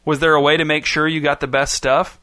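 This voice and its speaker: A man narrates a children's story at a steady, measured pace. His voice has a bright, forward tone. The recording is dry and close, with no room sound. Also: a little high, dry recording. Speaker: audiobook narrator. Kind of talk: scripted narration.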